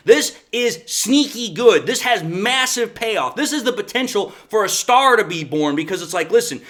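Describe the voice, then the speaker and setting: Sports podcast host, man, high bright voice, emphatic solo commentary. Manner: emphatic, talks himself into his points.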